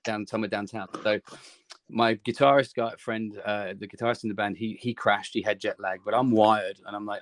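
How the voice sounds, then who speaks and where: A man's voice: lowish voice, steady tone, fairly quick, dry recording. A man with an English accent, a musician guest telling a rambling anecdote in an interview, full of restarts. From England. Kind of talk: storytelling in interview.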